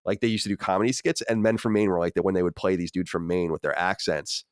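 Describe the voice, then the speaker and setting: A man co-hosting a podcast, chatting about movies in a relaxed, conversational way and swearing casually. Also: low voice, fast, clean tone, dry recording, studio quality. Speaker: podcast co-host. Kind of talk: casual podcast film discussion.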